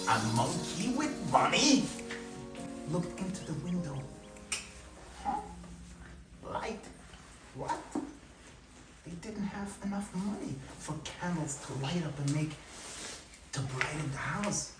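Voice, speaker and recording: A man telling a story to preschool children, lively and expressive, swinging from whispers to exclamations. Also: a little high, takes it slowly, long pauses, echoey room, recorded from a distance, loud music behind the voice. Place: preschool classroom.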